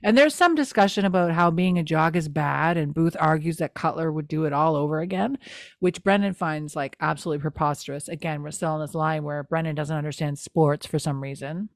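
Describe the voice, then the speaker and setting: A young woman with a fairly low voice, co-hosting a chat show in an animated, exasperated way. Her speech is casual and peppered with "like", and the sound is dry and close. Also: fairly quick, gravelly, dry recording. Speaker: podcast co-host. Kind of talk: casual chat recapping a TV episode.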